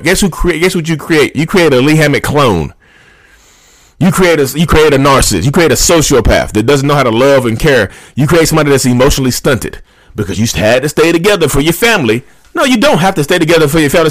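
A man's voice: a little high, fairly bright tone. A man hosting his own channel, going on an emphatic, repetitive rant. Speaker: channel host. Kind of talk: ranting monologue to camera.

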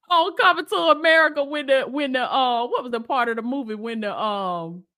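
At a measured pace, a woman with a high, pushed, bright voice preaches to an online audience. She is a Christian lifestyle coach who addresses listeners directly, emphatically repeating her rallying call to stand firm.

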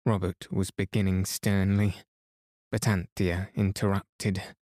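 A man calmly reading a children's book aloud as a bedtime story for sleep. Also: fairly low pitch, slow, no room sound, clean studio sound. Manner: calm, soothing. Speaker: podcast reader.

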